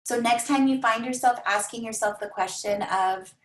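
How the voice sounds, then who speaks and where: A woman coaching a team of coaches in an energetic, repetitive manner, often acting out the voices of clients. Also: fairly high pitch, moderate pace, roomy sound, poor audio. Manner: energetic, repeats phrases, acts out clients' voices.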